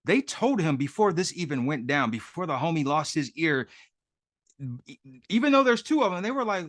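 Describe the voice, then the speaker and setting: Brief: fairly high, lively man, co-host, crude jokes, dry close sound. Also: normal speed, dry recording. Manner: joking, crude asides. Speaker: podcast co-host. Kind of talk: casual profane chat.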